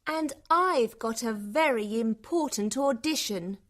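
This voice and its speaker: A man's voice: very high voice, expressive, a little slow, voice pushed up, full character voice. A man reading a story aloud, voicing a pushy, arrogant woman who speaks haughtily. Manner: haughty, sharp.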